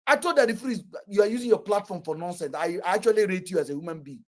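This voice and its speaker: A Nigerian man holds forth in a casual chat, blunt and boastful, swearing freely as he tells his stories. His voice sits at a middle pitch with a husky, slightly breathy edge. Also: expressive, fairly quick, a little mellow. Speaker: podcast host.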